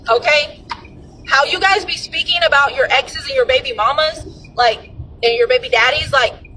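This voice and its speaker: High-voiced woman preaching over road noise. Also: distant mic. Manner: preachy and emphatic, swears freely. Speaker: spiritual advice vlogger. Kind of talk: casual spiritual advice monologue.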